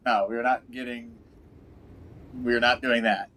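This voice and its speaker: A man's voice: mid-range voice, little pitch movement, unhurried, pauses often, sharp tone. A man streaming a game, reading dialogue choices aloud in loose, joking let's-play commentary. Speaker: gaming streamer. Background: game music.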